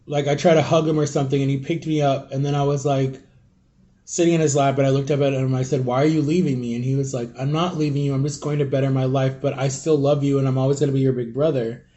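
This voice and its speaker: A man's voice: mid-range voice, dark tone. A young man vlogging and telling a personal story to his viewers in a rambling, confiding way, full of fillers. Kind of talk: casual storytelling vlog.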